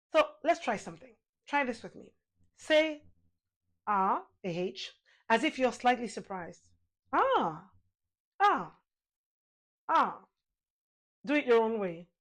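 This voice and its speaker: A woman teaching a singing lesson, calmly guiding the listener through exercises, counting aloud and demonstrating sounds. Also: fairly high pitch. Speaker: vocal coach.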